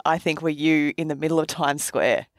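A woman hosting an interview, asking measured, probing questions. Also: low voice, fairly even intonation, dry recording, clean studio sound.

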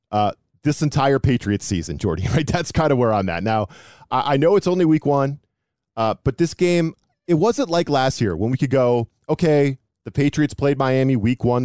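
A man in his thirties hosting a casual sports podcast, chatty and self-deprecating, with quick asides. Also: mid-range voice, a little mellow, no echo, clean studio sound. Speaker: podcast host.

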